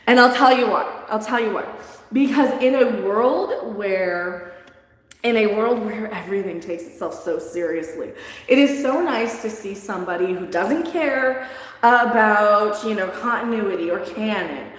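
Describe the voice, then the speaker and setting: A woman chatting casually on a live stream, animated and rambling, laughing often and restarting her sentences. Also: mid-range voice, unhurried. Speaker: streamer reviewing a show. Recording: very echoey room with long reverb.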